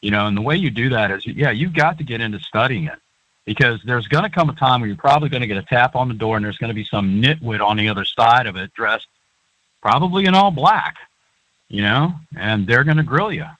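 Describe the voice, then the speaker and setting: A male guest with a bright, clear tone who speaks earnestly and rambles. His voice comes through a dry, dull, lo-fi line. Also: medium pitch, brisk, no room sound. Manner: earnest, rambling, many fillers. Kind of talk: call-in talk show chat.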